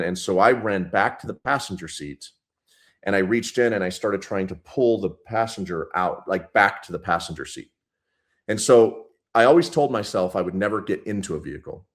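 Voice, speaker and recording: Deep-voiced man in his thirties, police sergeant, blunt and profane interview guest. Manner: blunt, profane, intense retelling. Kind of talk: casual storytelling interview.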